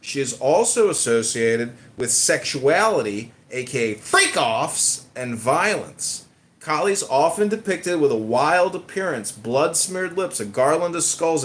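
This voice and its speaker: Earnest man reading aloud insistently. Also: a little high. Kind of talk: conspiracy talk, reading aloud.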